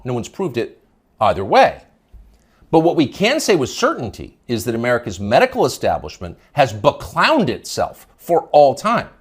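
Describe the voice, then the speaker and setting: A man's voice: mid-range voice, slightly rough. A man hosting a news commentary show, delivering a scornful, emphatic opinion monologue.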